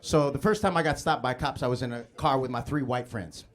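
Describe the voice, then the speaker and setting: A young man from Chicago doing a live stand-up set in a comedy club, telling a story with animated delivery and stammered restarts. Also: mid-range voice, brisk.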